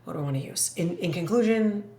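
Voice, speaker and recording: Teacher thinking aloud, musing hesitantly. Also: female voice, medium pitch, expressive, measured pace, a bit bright. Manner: musing, self-correcting, hesitant. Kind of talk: thinking aloud while writing an essay paragraph.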